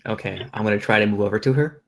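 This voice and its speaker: A man's voice: on the low side, racing, vocal fry, a bit bright. A man playing a character in a tabletop game, talking casually and laughing with his group. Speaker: player.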